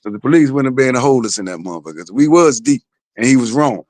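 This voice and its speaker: A man's voice: mid-range voice, lively intonation, fast talker, darkish tone, dry recording. A man, the father of a boxer, telling a story in blunt, profane casual podcast talk.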